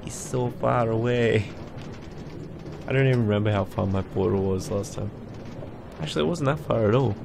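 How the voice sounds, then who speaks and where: A young man casually narrating his own gameplay in a relaxed, rambling way, having just woken up. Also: lowish voice, moderate pace, creaky, long pauses, background noise. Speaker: gaming YouTuber. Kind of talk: casual Minecraft let's play.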